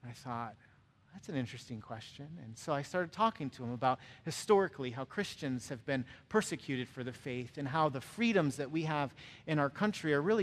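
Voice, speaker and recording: A man preaching a sermon, earnestly telling a personal story and building to emphatic repeated calls. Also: fairly high pitch. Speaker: pastor. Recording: long hall reverb.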